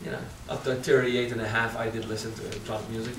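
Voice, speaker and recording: A man's voice: on the low side, roomy sound, far from the mic, background noise. French-accented man teaching a spiritual seminar. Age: 30s. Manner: frank and animated, swears casually, stresses words slowly. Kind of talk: seminar talk.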